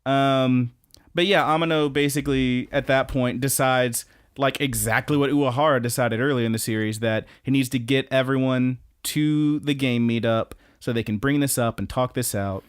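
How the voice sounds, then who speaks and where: A man co-hosts a podcast in easy, casual chat. He recaps scenes with animated energy, acting out the characters' lines and laughing often. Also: mid-range voice, normal speed, smooth. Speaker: podcast co-host.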